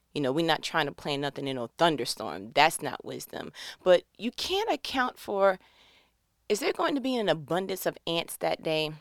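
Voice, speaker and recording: A woman giving an animated, playful faith-based motivational monologue, speaking straight to the listener as if on a phone call. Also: on the low side, no echo, studio quality.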